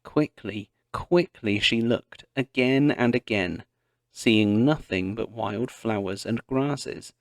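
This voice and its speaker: A man narrating a children's historical story in a deliberate read-along style. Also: mid-range voice, creaky, no echo, clean studio sound. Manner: slow, deliberate reading.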